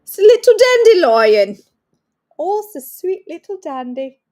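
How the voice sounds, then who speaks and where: A woman putting on a high, cooing voice, playfully cooing over a flower. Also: sing-song, unhurried, darkish tone, soft background music, heavily acted.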